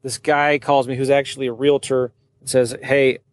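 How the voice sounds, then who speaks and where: A man who works as a real estate wholesaler and podcast host, telling a story in a casual, animated way and acting out what other people said. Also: mid-range voice, moderate pace, a little hiss or hum. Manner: animated, acts out other people's lines in quoted voices.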